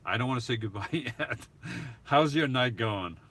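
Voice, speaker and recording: A man's voice: mid-range voice, lively intonation, normal speed, a bit bright. A man hosting a livestream, rambling casually as he answers viewer comments. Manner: rambling, self-correcting, chatty. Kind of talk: casual live chat.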